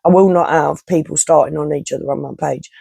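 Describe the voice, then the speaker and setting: Gravelly sweary woman in her fifties. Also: low voice, steady tone, brisk, mellow, no room sound. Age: 50s. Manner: blunt, sweary, chatty, laughs often. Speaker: vlogger. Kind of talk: casual rant to camera.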